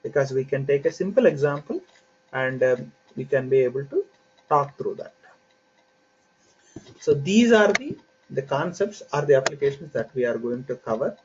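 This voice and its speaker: A man teaching an online software training class, explaining concepts step by step in an unhurried way with frequent fillers. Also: mid-range voice, expressive. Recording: dull lo-fi audio with faint hiss.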